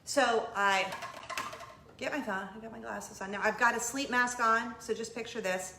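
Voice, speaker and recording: A woman's voice: a little high, fairly even intonation, moderate pace, vocal fry, sharp tone, echoey room, a little hiss or hum. A middle-aged woman hosting a casual video chat, telling stories animatedly, laughing often and exclaiming. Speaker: vlog host.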